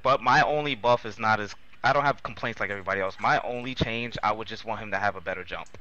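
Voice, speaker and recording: A man guesting on a gaming chat who speaks quickly in a lower register. His tone is bright and his line sounds muffled and lo-fi. He is earnest and goes into detail. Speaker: guest player. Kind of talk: casual chat.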